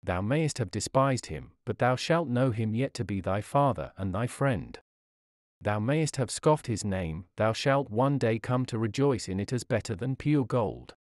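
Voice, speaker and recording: A man reading a Victorian sermon in an earnest, formal preaching manner. His voice sits at an ordinary male pitch, and the recording is close and dry with no room sound. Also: lively intonation, unhurried, dry recording. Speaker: sermon reader.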